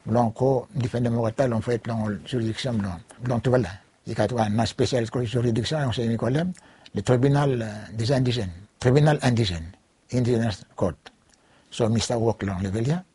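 An older man from Vanuatu speaks with a Bislama pidgin accent, his voice mellow and husky. He recalls his legal career in halting, repetitive phrases, dropping in French words now and then. The sound is close and dry. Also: mid-range voice, dry recording. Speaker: lawyer recounting his career. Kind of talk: oral history recollection.

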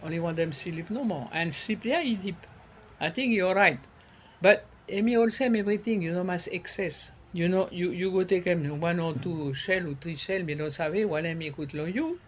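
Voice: mid-range voice, moderate pace, a little hiss or hum. A nurse with a Ni-Vanuatu accent giving casual health advice and slipping French words into the talk.

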